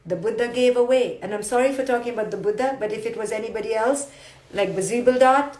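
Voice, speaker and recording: A woman's voice: a little high, fast, darkish tone, roomy sound. A woman giving an emphatic, livestreamed motivational talk, repeating mantras and asking rhetorical questions. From India. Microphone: phone or webcam.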